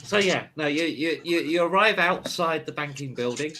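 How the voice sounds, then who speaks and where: Bright-voiced man running a tabletop game. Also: fairly high pitch, moderate pace, a little hiss or hum. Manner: hesitant, laughing, casual. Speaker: game master.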